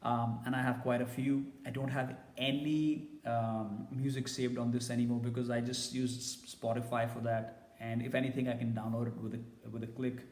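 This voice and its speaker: A man's voice: mid-range voice, level tone, moderate pace, few pauses, a little mellow, reverberant, in a large hall. A man giving a casual, blunt and opinionated tech review.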